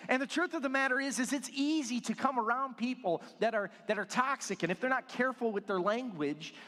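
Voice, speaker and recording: A man's voice: very high voice, brisk, pushed and bright. A middle-aged male pastor preaching a sermon, telling stories with self-deprecating jokes. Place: church sanctuary. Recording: long hall reverb.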